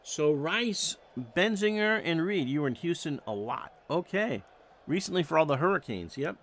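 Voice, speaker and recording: A man's voice: a little high, lively intonation, normal speed, fairly bright tone. A man calling baseball play-by-play, reading off stats with wry joking asides. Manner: stat-heavy calls with wry joking asides. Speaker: play-by-play announcer.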